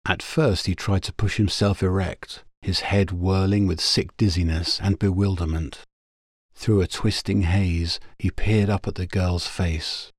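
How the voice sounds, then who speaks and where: A man narrating a pulp science-fiction story in a steady, measured audiobook reading. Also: deep voice, no room sound, clean studio sound.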